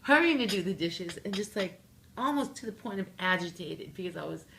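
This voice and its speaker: Telling a funny story in a relaxed interview, a gravelly-voiced singer-songwriter from Canada speaks fairly quickly in a mid-range voice. As the guest, she's animated and full of jokes, performing her own lines, with slight background noise around her.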